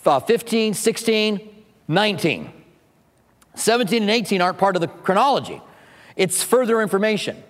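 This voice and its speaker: A man preaches to his congregation with a fairly high voice. He teaches in an easy, conversational way, breaking off for humorous asides before returning to his point. His voice rings out with long reverb through the church sanctuary. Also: expressive, moderate pace, long pauses. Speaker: pastor. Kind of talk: sermon.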